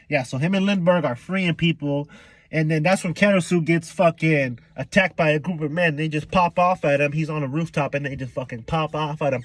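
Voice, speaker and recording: A young man giving an excitable, profane, slang-heavy casual recap of a comic chapter, acting out characters' lines as he goes. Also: a little high, moderate pace. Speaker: manga reaction youtuber.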